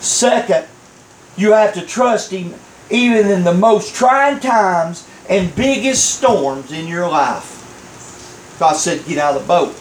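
A high-voiced man preaching in a church, his slow delivery ringing around an echoey room. He tells his story by acting out each voice and chuckles along the way. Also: expressive, a little hiss or hum. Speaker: pastor. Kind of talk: sermon.

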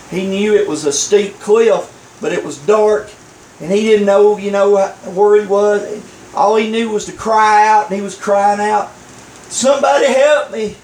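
A man's voice: high-pitched, darkish tone, a little hiss or hum. A male pastor preaching a sermon, telling a story and acting out the voices, chuckling often. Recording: echoey room.

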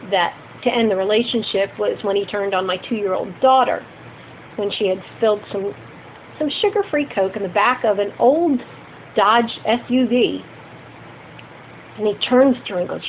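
A woman's voice: a little high, normal speed. A middle-aged woman candidly telling personal stories to a group she leads. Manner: candid, animated storytelling with acted quotes. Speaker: group leader. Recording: tinny phone-like sound with faint noise.

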